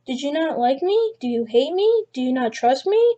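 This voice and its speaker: A woman's voice: sits high, very animated, normal speed, dark tone, lo-fi sound. A woman voicing a man who pretends to be a needy little girl in online messages, pleading and then demanding.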